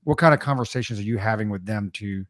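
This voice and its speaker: A man's voice: lowish voice, fast talker, no echo, studio quality. A man hosting a podcast, telling a story casually and acting out the voices of the people in it. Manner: storytelling, animated quoting of others. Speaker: podcast host. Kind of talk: casual chat.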